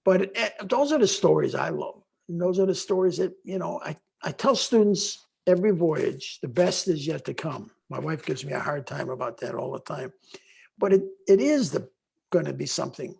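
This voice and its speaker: Older guy on a video call, super gravelly husky voice, rambles and restarts a lot. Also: a little high, normal speed. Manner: rambling with restarts, animated retelling. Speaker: guest speaker, longtime voyage faculty. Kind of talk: conversational storytelling.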